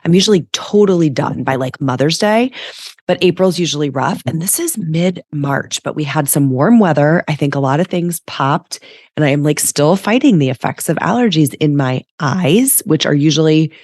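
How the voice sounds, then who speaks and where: Low-pitched female host, slightly stuffy, chatty coach delivery, dry close sound. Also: expressive, moderate pace, darkish tone, dry recording. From United States. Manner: chatty, frequent "like" and "right?". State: stuffy from allergies. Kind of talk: casual solo podcast talk.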